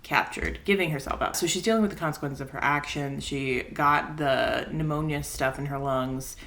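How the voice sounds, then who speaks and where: A young adult woman with a slightly low-pitched voice talks through a casual reading vlog. She rambles and gets excited, and laughter runs through her talk. She records at home. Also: normal speed, slight background noise. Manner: chatty, excitable, laughs often, rambling asides. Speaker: book vlogger. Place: home, indoors.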